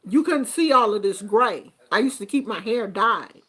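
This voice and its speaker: A middle-aged woman chatting casually to her viewers, telling animated stories and laughing through them. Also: mid-range voice, normal speed, husky. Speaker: YouTuber. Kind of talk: casual storytelling chat.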